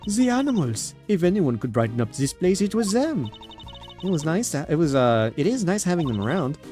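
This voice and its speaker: A pompous older warden lady gushes in a put-on French accent, as a man voices her, her voice high and swooping. She drags out her words, theatrical and sugary, over faint game music. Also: big pitch swings, a little fast, dark tone. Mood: gushing. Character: pompous older woman prison warden, gushing. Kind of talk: game dialogue read aloud.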